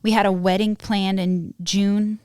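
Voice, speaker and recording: A woman in her twenties hosting a podcast, telling a personal story in a lively, animated way and laughing often. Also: mid-range voice, a little slow, clear, resonant tone, no echo, clean studio sound. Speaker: podcast host. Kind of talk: casual storytelling chat.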